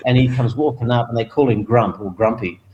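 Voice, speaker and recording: A man's voice: brisk, lo-fi sound. An older Australian man, a retired motorcycle racer, telling a story in an interview and acting out the other people's voices. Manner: animated, acts out other people's voices with raised pitch and laughs.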